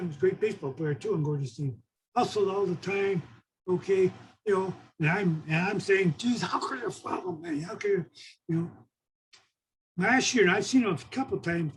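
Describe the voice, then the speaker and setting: Older man, high voice, animated storyteller, faint hiss behind. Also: rough recording. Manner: animated storyteller, keeps saying "okay". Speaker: former assistant coach, guest. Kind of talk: storytelling in a conversation.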